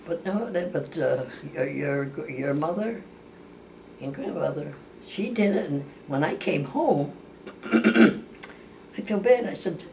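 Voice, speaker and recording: Her voice low, creaky and darkish yet lively in intonation, an older woman slowly recounts family stories in casual conversation. She rambles, restarts and corrects herself often, and acts out the voices of those in her tales. The mic is distant, and a faint hiss runs underneath.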